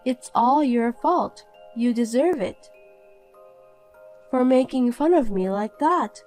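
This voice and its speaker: A woman voicing a calm young woman in an animated story who answers back coolly and pointedly. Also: a little high, slow, faint music behind. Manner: cool, pointed replies.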